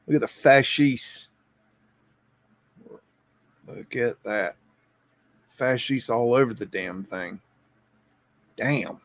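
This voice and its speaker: A man's voice: mid-range voice, dry recording. A man hosting a live stream, rambling and chuckling as he thinks aloud and reacts to images, often repeating his words. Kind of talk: casual live stream commentary.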